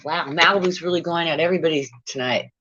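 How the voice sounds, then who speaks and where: A woman's voice: deep voice, quick pace, bright, forceful tone, slight background noise. A woman on a casual livestream, profane and exasperated, muttering to herself as she goes. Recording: dull lo-fi sound.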